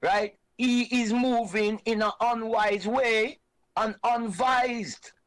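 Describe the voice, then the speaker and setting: A man's voice: very high-pitched, fairly even intonation, slow pace, a bit bright, low-quality recording. A Jamaican man hosting an online show who argues with passion, preaching and repeating his points for emphasis. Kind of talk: impassioned reasoning talk.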